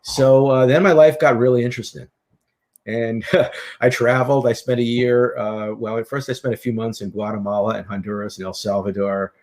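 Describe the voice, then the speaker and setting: A middle-aged man, a guest author and speaker, telling stories in an animated, casual interview. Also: medium pitch, moderate pace. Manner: animated anecdotal storyteller.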